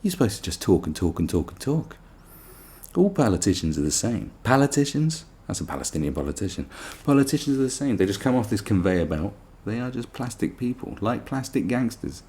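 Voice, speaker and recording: A man's voice: fairly low pitch, big pitch swings, fairly quick, darkish tone. A man hosting a podcast, delivering a sarcastic, profane political rant full of mockery. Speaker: podcast host. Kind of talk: ranting political monologue.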